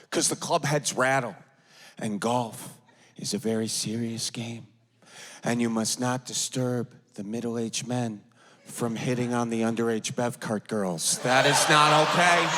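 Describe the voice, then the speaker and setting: A mid-range-voiced comic from the American Midwest, carrying an Upper Midwest accent, works a big theater stage with an audience. His set is self-deprecating and he voices characters in dialogue, with a big-room sound.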